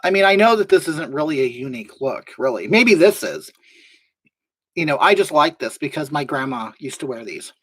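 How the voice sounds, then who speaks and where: In a live comedy stream, a performer plays a brash, gossipy woman livestreamer who rambles and gets indignant while reading the chat aloud. The voice is medium-pitched, lively in intonation, fairly bright and slightly rough, at normal speed.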